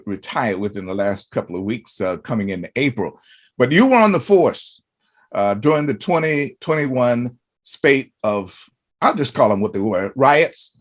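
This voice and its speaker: Man, show host; mid-pitched voice, folksy, rambling questions with many restarts. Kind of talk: conversational interview hosting.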